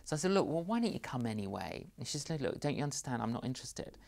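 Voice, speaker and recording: A middle-aged male evangelist shares personal stories in an interview. He talks at an average pitch, and he jumps into the voices of the people he quotes. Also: fast talker, gravelly. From London. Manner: animated storyteller, acts out both sides of conversations. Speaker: evangelist guest. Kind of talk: anecdotal interview storytelling.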